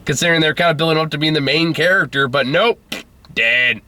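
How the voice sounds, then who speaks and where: A man's voice: fairly high pitch, fast talker, sharp tone, dry recording. A man hosting a casual movie review chat, laughing often, going off on tangents and swearing casually.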